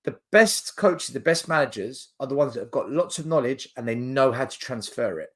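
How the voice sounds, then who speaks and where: A man co-hosting a casual football podcast, explaining his points step by step with lively emphasis. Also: medium pitch, brisk. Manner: animated, explains in numbered points. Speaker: podcast co-host.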